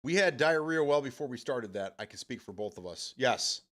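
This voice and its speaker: A man's voice: medium pitch, animated, normal speed, a bit bright. A man hosting a live stream, chatting casually with viewers, rambling and swearing freely as he answers chat.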